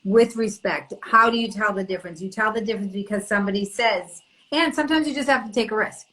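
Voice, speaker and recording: A woman's voice: mid-range voice, fast talker, bright, forceful tone. A woman hosting a casual chat, talking in an emphatic, encouraging way. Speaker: host.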